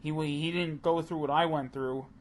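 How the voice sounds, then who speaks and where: A man's voice: on the high side, fairly even intonation, moderate pace, slight background noise. A man co-hosting a casual wrestling podcast, talking heatedly and profanely, rambling with many restarts. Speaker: podcast co-host. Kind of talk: casual chat.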